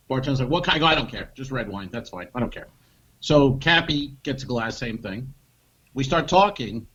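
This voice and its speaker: A man co-hosting a comedy podcast, telling an animated anecdote and acting out what people said. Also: medium pitch, a little fast, husky, dull audio. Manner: animated anecdote teller, acts out quotes, swears. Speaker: podcast co-host. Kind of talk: comedic storytelling chat.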